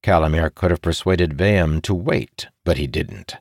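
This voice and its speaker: A man narrating a fantasy story as an audiobook reader, in an expressive, dramatic way. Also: very deep voice, a little slow, gravelly, hardly any pauses, dry recording, clean studio sound.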